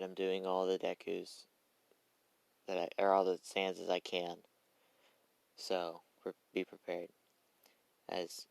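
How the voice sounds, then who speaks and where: A young man narrates a fan story in a casual, rambling way, stopping to correct himself and swear. His voice is deep and gravelly. The recording is dry and close. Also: dry recording.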